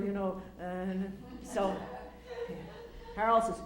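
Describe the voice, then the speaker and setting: An older woman telling stories in a casual, animated way, acting out quotes with lots of fillers and restarts. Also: mid-range voice, normal speed, reverberant. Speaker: speaker recounting memories. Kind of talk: casual storytelling talk.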